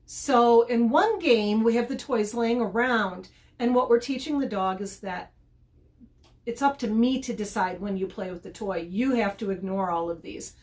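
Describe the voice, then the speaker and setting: A woman's voice: fairly high pitch, normal speed, a little mellow. Chatty middle-aged woman giving tips. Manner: chatty, often repeats words as she restarts. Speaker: podcast host and dog trainer. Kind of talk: casual advice vlog.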